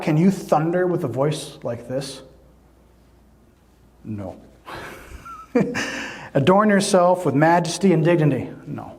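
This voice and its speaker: A man's voice: a little high, darkish tone. A man preaching a sermon, earnest, often repeating words as he searches for them. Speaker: pastor.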